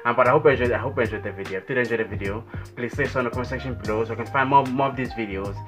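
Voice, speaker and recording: A man's voice: medium pitch, very fast. Man, reaction host, rambling casual commentary, faint music. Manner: hesitant, rambling, friendly.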